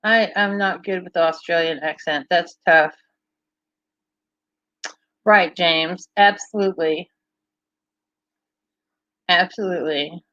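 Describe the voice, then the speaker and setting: A woman's voice: fairly low pitch, slow, pauses often, sharp tone, no room sound, lo-fi sound. Chatty woman with a mild Kentucky lilt. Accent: mild Kentucky Southern. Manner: chatty, playful, reads out viewer comments. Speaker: livestream host. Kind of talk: casual chat with viewers.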